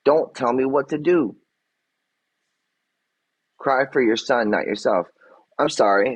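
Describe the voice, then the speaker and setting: A man's voice: medium pitch, takes it slowly, long pauses, breathy edge, rough recording. An agitated man on a livestream answering his chat, defensive and swearing, repeating himself as he vents. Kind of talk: livestream rant.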